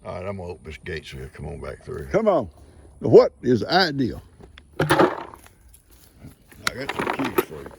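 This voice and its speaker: An older man with a gravelly, expressive voice whose pitch swings widely. He chats casually outdoors on his farm. He scolds his livestock fondly and calls out to them loudly in a high voice, with faint noise in the background. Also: moderate pace, long pauses. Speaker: farmer. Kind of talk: casual farm vlog, talking to animals.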